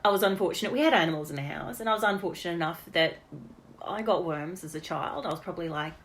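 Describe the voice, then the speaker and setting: Australian woman with a lower voice, talking off the cuff and fondly recalling family stories, chatty. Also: fast talker, fairly bright tone. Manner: chatty, reminiscing, laughs between stories. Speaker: daughter giving a birthday message. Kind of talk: unrehearsed personal birthday message.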